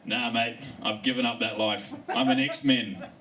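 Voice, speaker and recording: A man's voice: mid-range voice, fairly even intonation, unhurried, recorded from a distance, heavy background noise, natural voice. A man voicing a brash, tough male bull kelp plant that talks in cocky, laid-back slang.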